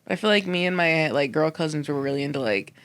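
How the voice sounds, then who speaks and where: A woman's voice: sits low, expressive, fast. A young woman co-hosting a podcast, chatting casually and laughing, swearing freely as she shares memories. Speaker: podcast co-host. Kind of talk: casual chat.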